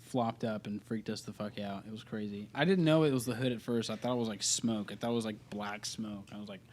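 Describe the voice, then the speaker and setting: A man's voice: on the low side, fairly quick, darkish tone, a little hiss or hum. A young man, a podcast guest, telling a story in casual chat, rambling, swearing often and interrupting himself. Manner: rambling, profane, self-interrupting. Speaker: podcast guest, band singer.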